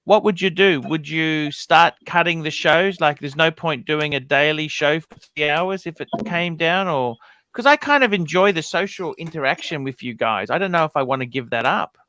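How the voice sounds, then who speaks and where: A man's voice: on the high side, lively intonation, moderate pace, sharp tone, clean tone. A man hosting a casual livestream, chatting with his guests, asking them questions and swearing freely. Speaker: livestream host.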